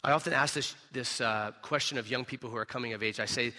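A man preaching a sermon, telling a scripture story with emphatic, animated delivery and rhetorical questions. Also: medium pitch, fast talker, few pauses, big-room sound. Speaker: pastor.

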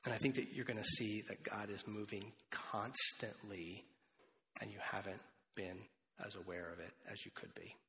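A man's voice: fairly low pitch, steady tone, normal speed, creaky, bright, forceful tone. A man preaching a sermon as a pastor in a church, talking conversationally with rambling asides and restarts. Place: church sanctuary. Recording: long hall reverb.

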